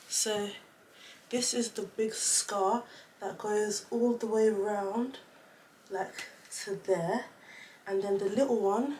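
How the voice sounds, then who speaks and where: A woman's voice: medium pitch, a little mellow, a little hiss or hum. A young woman telling a personal story in a casual vlog, chatty and close to tears at times. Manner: chatty, emotional, fighting back tears. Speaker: vlogger.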